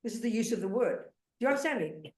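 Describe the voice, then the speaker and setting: In a roomy-sounding space, an older woman leads a dharma question-and-answer session, firing questions at her student and talking over him with blunt emphasis. She speaks quickly, in a slightly mellow voice on the high side with lively intonation.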